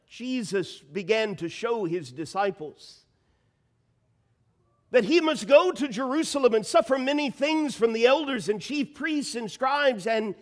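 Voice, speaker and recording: A man preaching a sermon, reading Scripture and building to emphatic, rising bursts. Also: very high voice. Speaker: pastor.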